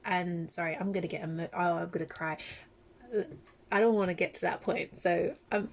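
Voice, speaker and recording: A woman vlogger talking casually in a reaction video, emotional and animated, laughing often. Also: mid-range voice, fairly quick, a little hiss or hum.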